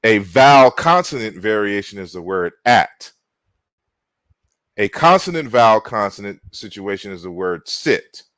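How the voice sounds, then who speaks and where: Slow, unhurried male lecturer. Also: fairly low pitch, expressive, a bit bright, dry recording. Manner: unhurried, frequent "you know" fillers and restarts. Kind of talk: online lecture walking through slides.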